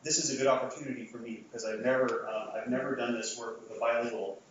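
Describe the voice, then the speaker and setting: A man's voice: mid-range voice, fairly even intonation, fast talker, slight background noise. A man giving an academic lecture to a live audience, talking conversationally with frequent restarts and fillers. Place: lecture hall. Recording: echoey hall, far from mic, dull sound.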